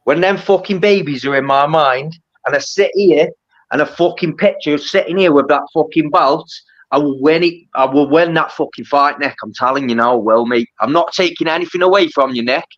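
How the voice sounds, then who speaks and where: A young male boxer in a heated pre-fight face-off swears constantly and insists over and over that he will win. His voice is on the high side and fairly bright, at a moderate pace. The recording is dull, lo-fi, and dry.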